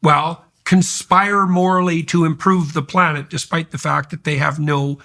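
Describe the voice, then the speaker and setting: A man hosts a conversational podcast interview in a gravelly voice full of vocal fry, pitched a little high for a man. He argues emphatically, stringing forceful points into long run-on sentences. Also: level tone, unhurried. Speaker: podcast host.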